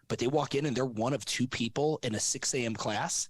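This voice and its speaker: A man's voice: medium pitch, a little fast. A man working as a gym business consultant, talking brashly and casually with plenty of swearing on a podcast. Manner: brash, profane, animated.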